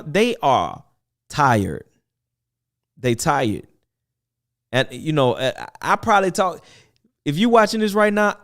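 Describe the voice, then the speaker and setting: Animated male talk radio host. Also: mid-range voice. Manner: animated, preachy, repeats himself, laughs often. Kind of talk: casual talk radio monologue.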